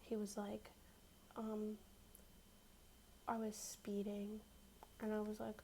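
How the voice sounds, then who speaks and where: Young woman soft-spoken asmr storytime, slangy, fry in her voice, faint hiss behind. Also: mid-range voice, monotone, takes it slowly, rough recording. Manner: casual, slangy, drifts in and out of whisper.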